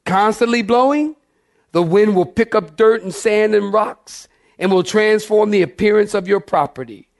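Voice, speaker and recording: A male pastor delivering a sermon in a fairly high-pitched voice. He preaches emphatically and keeps calling on his congregation to answer him. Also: normal speed.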